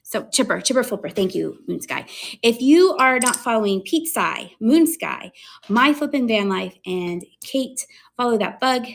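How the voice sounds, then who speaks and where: A woman hosting a casual live-stream sale, chatting excitedly about her finds and laughing often. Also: on the high side, normal speed, creaky. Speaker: live online seller showing thrift finds.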